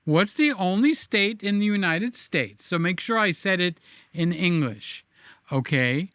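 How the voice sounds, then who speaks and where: A man with a high, bright and clear voice hosts a casual live-stream, reading out viewer comments. He talks slowly and teases in a playful, jokey way. His words get drawn out and sing-song. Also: expressive, no room sound, studio quality.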